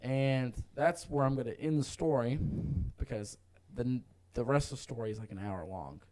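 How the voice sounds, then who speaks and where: A young man from North Carolina co-hosting a casual podcast, excitable and swearing freely as he reacts to stories. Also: mid-range voice, moderate pace, rough recording. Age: young adult. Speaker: podcast co-host. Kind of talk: casual chat.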